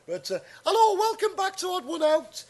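A man's voice: extremely high pitch, big pitch swings, moderate pace, voice pushed up, full character voice. A man playing an over-eager, fussy middle-aged game show host with bouncy presenter patter. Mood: chirpy.

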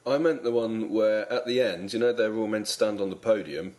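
A man co-hosting a deadpan comedy chat, playing a dry, hesitant straight man. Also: lowish voice, brisk. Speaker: comedy podcast co-host.

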